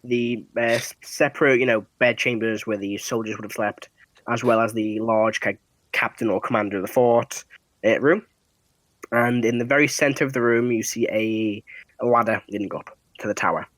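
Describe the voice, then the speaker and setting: A man's voice: mid-range voice, steady tone, normal speed, fairly bright tone, dry recording. A man running a tabletop game as dungeon master, narrating scenes casually with fillers and laughs.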